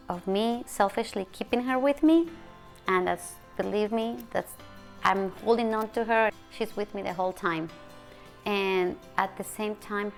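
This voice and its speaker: In an emotional interview about her loss, a middle-aged bereaved mother speaks in a soft, faltering way, lowering her voice for quoted words. Her pitch is mid-range with a creaky quality.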